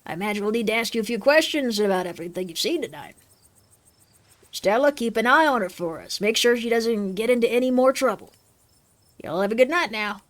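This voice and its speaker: A woman's voice: on the high side, animated, brisk, natural voice. A woman voicing a folksy, easygoing but firm small-town police officer with a drawl and homespun sayings. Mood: folksy stern.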